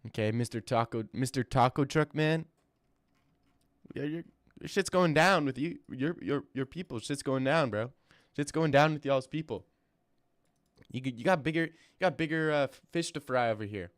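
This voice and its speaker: A young guy on a casual stream answers chat about fight news with joking, halting banter. He speaks at medium pitch and normal speed, miked close and dry with no room sound.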